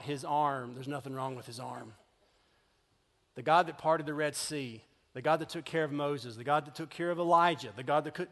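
Male pastor, high voice, earnest conversational sermon, reverberant sanctuary. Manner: earnest and conversational, swinging from hushed to animated. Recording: long reverb of a church hall.

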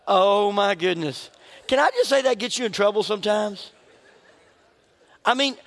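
This middle-aged man's voice is extremely high, gravelly and a bit bright as he preaches in a church sanctuary. His tone is conversational and joking, often laughing at himself, and the large hall adds a long reverb.

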